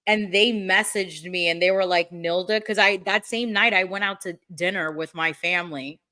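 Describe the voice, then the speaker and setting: A woman's voice: lowish voice, moderate pace. A young woman hosting a podcast, chatting casually and acting out her own reactions as she tells stories. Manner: animated storyteller, acts out her own reactions. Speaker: podcast host. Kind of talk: casual chat.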